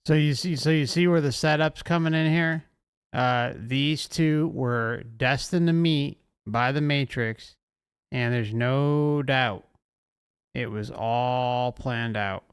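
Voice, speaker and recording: A man's voice: medium pitch, slow pace, smooth, no room sound, clean studio sound. A man hosting a channel, breaking into a played clip with emphatic comments. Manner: emphatic interjections.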